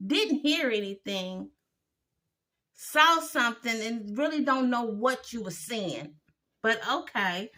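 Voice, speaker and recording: A woman's voice: fairly high pitch, animated, slow pace, sharp tone. A woman giving a blunt, opinionated recap of a TV episode, exasperated and sassy as she talks it through.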